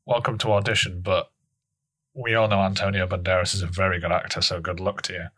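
A man co-hosts a comedy podcast with deadpan, mock-serious banter. His voice sits a little low. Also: fairly quick. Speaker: podcast co-host.

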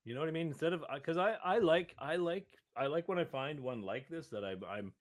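A man's voice: on the high side, animated, fairly quick. A man co-hosting a casual podcast, rambling and riffing loosely. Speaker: podcast co-host. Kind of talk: casual chat.

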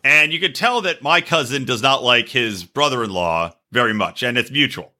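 A man hosting a podcast, telling a crude story in an animated way and shouting when he acts out quotes. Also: mid-range voice, normal speed. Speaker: podcast host.

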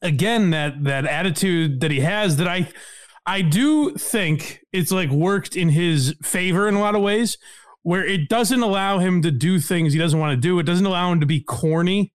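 A man's voice: sits high, normal speed, no room sound, clean studio sound. A man hosting a podcast in casual chat, rambling with fillers and laughing often. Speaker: podcast host.

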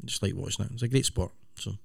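A man's voice: lowish voice, fast, gravelly, husky, no echo, studio quality. A middle-aged man, co-hosting a podcast in casual, rambling chat. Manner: rambling, self-interrupting. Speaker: podcast co-host.

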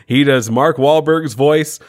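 A man's voice: fairly high pitch, unhurried. Jokey, self-mocking male podcaster. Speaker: podcast co-host. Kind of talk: casual podcast chat.

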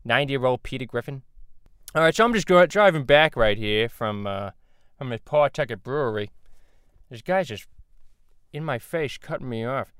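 A man voicing a crass, loudmouthed middle-aged cartoon dad, nasal and rambling, in a crude comedy monologue. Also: medium pitch, lively intonation, normal speed, clear, resonant tone, no echo, lightly acted. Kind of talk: fan comedy impression monologue.

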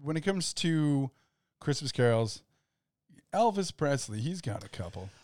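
A young man co-hosting a podcast in casual chat, laid-back and quick to laugh. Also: a little high, sing-song, darkish tone, no room sound, clean studio sound. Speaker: podcast co-host.

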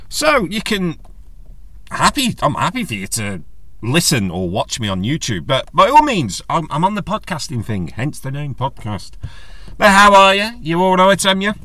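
A man hosting a casual solo podcast, chatty and jokey, rambling from one aside to the next. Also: no echo. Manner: rambling, chatty and jokey, with animated pitch jumps. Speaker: podcast host.

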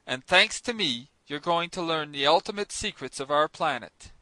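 A man reading an audiobook, voicing a stern, mysterious sea captain who speaks in a cold, commanding, measured way. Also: fairly high pitch, expressive, sharp tone, dry recording, poor audio. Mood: grand. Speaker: narrator voicing characters.

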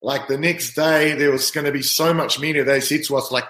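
A man spins a rowdy rugby yarn in a lively, laughing way. His voice sits a touch high for a man, and it rings around an echoey room. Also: brisk, few pauses, a little hiss or hum. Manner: animated, laughing anecdote teller. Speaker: rugby player guest. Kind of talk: casual storytelling.

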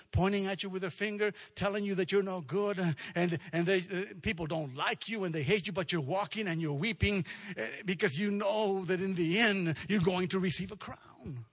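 Husky-voiced preacher. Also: male voice, sits high. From South Texas. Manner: storytelling with rising, emphatic preaching. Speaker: pastor. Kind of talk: sermon.

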